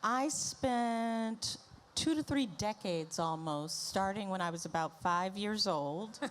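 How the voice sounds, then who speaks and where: A woman's voice: medium pitch, lively intonation, slow, a little hiss or hum. Wry middle-aged woman on a panel. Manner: playful and wry. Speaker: panelist, agency founder. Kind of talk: panel discussion. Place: conference stage.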